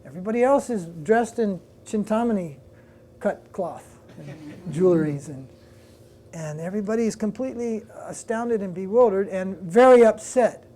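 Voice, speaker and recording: A man's voice: sits high, moderate pace, warm tone, slight background noise. A man, a swami, giving a devotional class, retelling a story in a loose, conversational way with restarts and asides to his listeners. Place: lecture room with listeners.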